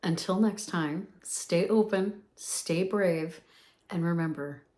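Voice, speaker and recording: A woman's voice: on the low side, slow, darkish tone. A woman in her fifties hosting a motivational podcast, talking in an upbeat, emphatic way and repeating phrases for effect. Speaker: podcast host.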